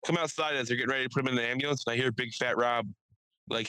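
A young man co-hosting a podcast, telling a story and acting out the people in it with lively voice changes. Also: medium pitch, very fast, clean tone, no room sound, low-quality recording. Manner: animated, acts out quotes in shifting voices. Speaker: podcast co-host. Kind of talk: casual storytelling chat. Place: studio.

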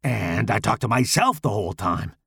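A man voicing a menacing, deformed hulking male killer with a rough gravelly growl, taunting and foul-mouthed in a slow drawl. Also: on the low side, big pitch swings, a bit bright, no room sound, studio quality, full character voice.

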